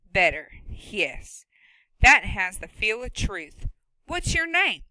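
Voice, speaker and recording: A woman doing a gruff, menacing farm woman. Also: mid-range voice, very animated, no echo, heavily acted, rough recording. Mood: probing. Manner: loud, drawn-out, challenging. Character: gruff one-legged woman, wry, menacing.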